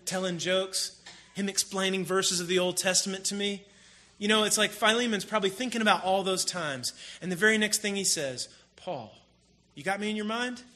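A man preaching a sermon in a casual, storytelling way, with animated emphasis. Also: high-pitched. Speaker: pastor. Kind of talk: conversational sermon.

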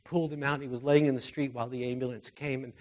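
A man's voice: medium pitch, flat delivery, racing. Earnest man preaching through stories. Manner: earnest, heartfelt storytelling that drops soft and quiet. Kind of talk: sermon told through personal stories.

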